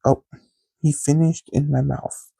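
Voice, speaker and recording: Male host, frank rambling storyteller; very dark, husky voice, dry close sound. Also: on the high side, little pitch movement, a little slow, dry recording, rough recording. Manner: candid, rambling, addresses listeners directly. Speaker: podcast host. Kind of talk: casual storytelling.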